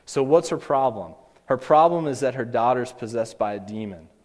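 A man's voice: mid-range voice, lively intonation, moderate pace. A man preaching a sermon as a pastor, earnest and building to emphatic pleas. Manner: earnest, rising to emphatic pleas in quoted lines. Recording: long hall reverb.

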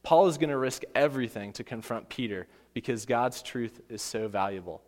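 A man's voice: mid-range voice, normal speed, darkish tone. A man preaching a sermon, telling a Bible story with acted voices and emphatic repetition. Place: church. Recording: long hall reverb.

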